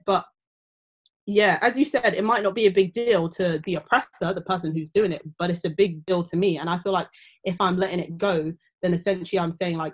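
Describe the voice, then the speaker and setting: A young woman, chatting casually and telling stories, often acting out other people's voices. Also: a little fast. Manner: animated storytelling, acting out quoted people in high voices. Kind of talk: casual chat.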